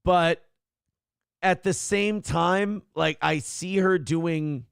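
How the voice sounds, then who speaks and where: A man's voice: fairly high pitch, extremely slow, vocal fry, clear, resonant tone, no echo, studio quality. A man hosting a casual live-stream talk show, reading donations and ranting with mocking impressions. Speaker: host.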